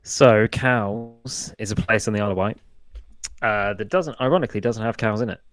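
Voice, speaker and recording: A man's voice: lowish voice, moderate pace, no room sound. A laid-back man co-hosting a podcast, wry and easygoing, laughing often. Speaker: podcast co-host. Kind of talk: casual podcast chat.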